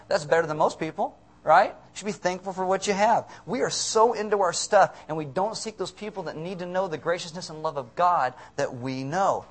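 A man preaching a sermon, animated and jokey, acting out voices and bursting into sudden shouts. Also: a little high. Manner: animated, acts out voices of people and God.

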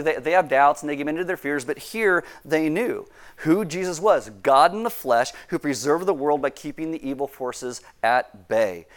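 Animated preacher man. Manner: animated, acts out quoted voices with big pitch jumps. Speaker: pastor. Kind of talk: sermon.

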